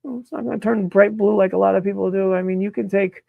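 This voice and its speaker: A man's voice: sits high, fairly even intonation, fast talker, vocal fry, no echo, narrow, tinny audio. A man hosting a live mushroom-growing stream, talking casually while demonstrating and answering questions, blunt and exasperated, swearing freely.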